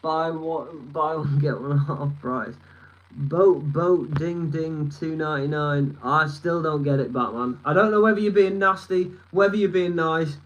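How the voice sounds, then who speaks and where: A man's voice: a little high, normal speed, hardly any pauses, fairly bright tone, lo-fi sound. A man in his twenties from northern England with a Lancashire accent, rambling and swearing as he answers a live chat. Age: 20s. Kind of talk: casual live stream chat. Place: his room at a desk.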